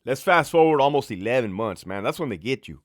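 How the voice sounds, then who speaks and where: A man, a former prison lieutenant, telling a work story in a casual, profane, animated way. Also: mid-range voice, a little fast.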